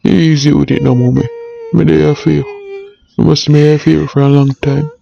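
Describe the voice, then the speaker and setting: A man with a Jamaican accent voicing a young son gently comforting his grieving mother in a cartoon. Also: on the high side, flat delivery, moderate pace, creaky, dull audio, soft background music. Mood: reassuring. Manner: gentle, reassuring. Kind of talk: cartoon voice acting.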